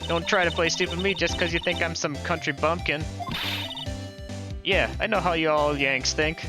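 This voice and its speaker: A man's voice: on the high side, fairly even intonation, normal speed, lightly acted. A man voicing a feisty, folksy country woman from the American South in a put-on Southern drawl, with game music underneath. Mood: scornful.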